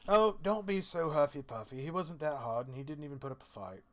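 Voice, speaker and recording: A man's voice: a little high, expressive, a little fast, a bit bright, slight background noise. A man voicing a drunk, cheerful male dwarven guard in a tabletop game, boastful and slurring. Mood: tipsy boastful.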